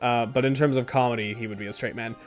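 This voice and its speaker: A woman's voice: rumbling low, fairly even intonation, quick pace, faint music behind. A woman streamer giving wry, offhand commentary while playing a video game. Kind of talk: casual let's-play commentary.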